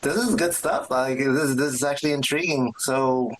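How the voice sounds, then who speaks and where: A man's voice: medium pitch, moderate pace, poor audio. A man co-hosting a podcast, chatting in an easygoing way with hesitant restarts. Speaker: podcast co-host. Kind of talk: casual wrestling discussion.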